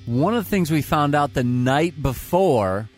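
A man's voice: fairly high pitch, lively intonation, a little slow, soft background music. A man co-hosting a casual podcast, talking in an easygoing, rambling way. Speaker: podcast co-host. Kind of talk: casual banter.

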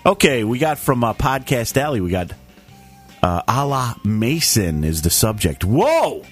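A man's voice: mid-range voice, big pitch swings, unhurried, slightly rough, faint music behind. A man co-hosting a casual podcast, reading listener comments aloud in a jokey way and stumbling over the words. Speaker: podcast co-host.

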